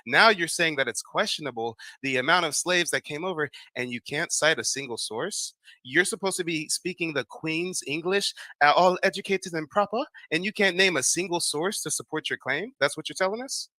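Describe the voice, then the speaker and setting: A man's voice: fairly high pitch, normal speed, hardly any pauses, bright, forceful tone, no room sound. An American man hosting a livestream, grilling a caller in a mocking, demanding way and repeating his questions. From United States. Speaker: livestream host. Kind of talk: confrontational live debate.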